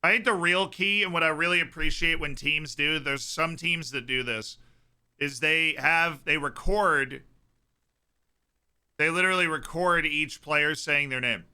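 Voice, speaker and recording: Male streamer, young adult, casual live chat with excited bursts; very bright, crisp voice. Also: a little high, unhurried. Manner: chatty, reacting with sudden excited outbursts. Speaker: streamer hosting a watchalong.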